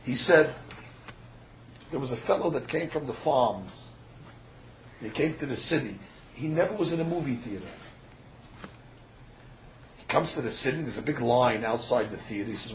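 Here a rabbi preaches at a moderate pace, his medium-pitched voice full of lively intonation and frequent pauses. His sermon folds in a story and leans on emphasis and rhetorical questions, with the occasional stumble on a filler. Slight background noise and faint ambience sit under a dull, lo-fi sound.

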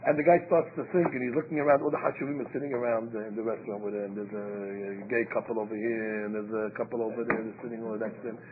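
A rabbi gives an informal Torah class in English sprinkled with Hebrew terms, telling stories and acting out quotes. His lowish voice moves little in pitch, and he speaks quickly with hardly any pauses. The recording sounds tinny and phone-like, with faint hiss.

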